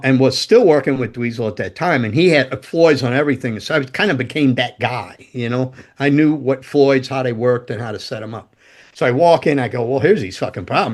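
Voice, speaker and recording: An older man, a former rock roadie, telling stories as a podcast guest in a loose, profane, animated way. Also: mid-range voice. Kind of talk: casual storytelling interview.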